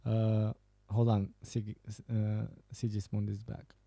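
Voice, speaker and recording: Slow and totally flat in delivery, this podcast host has a low, gravelly, mellow voice recorded without any echo. He casually reads through viewer messages, bantering about them while laughing and swearing often.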